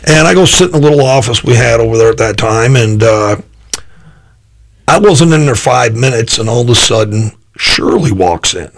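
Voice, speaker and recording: A man's voice: normal speed, gravelly. A man who is a pastor, telling a personal story in a loose, rambling conversational interview. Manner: animated storyteller, jumps higher when voicing his own thoughts; loose, rambling delivery with restarts.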